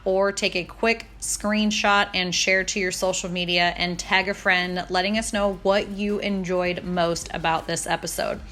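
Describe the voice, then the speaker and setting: A woman's voice: on the low side, sharp tone. A woman podcast host giving an upbeat scripted outro.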